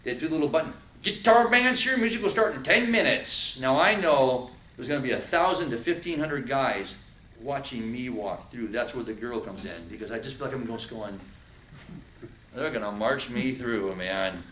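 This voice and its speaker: A man giving an animated talk to a live audience, telling prison stories and acting out threats. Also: medium pitch, normal speed, reverberant, far from the mic, slight background noise, rough recording. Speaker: speaker. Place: event room with audience.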